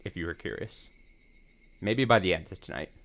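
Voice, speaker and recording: A man's voice: deep voice, moderate pace, fairly bright tone. A man streaming a visual novel, recapping the story in a casual, rambling way with restarts and the odd swear. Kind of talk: casual let's-play commentary.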